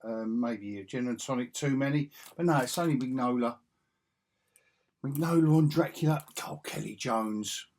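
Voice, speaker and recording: A man's voice: medium pitch, normal speed, a little mellow. A man, musing aloud in a rambling, casual way as he looks through old comic magazines. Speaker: comic collector vlogger. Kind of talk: casual chat while flipping through magazines.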